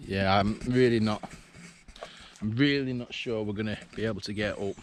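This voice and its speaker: A man's voice: lowish voice, fairly even intonation, normal speed. A man vlogging while he walks an old railway line outdoors, chatting casually and thinking aloud with restarts. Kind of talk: casual walking commentary. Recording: faint outdoor background noise.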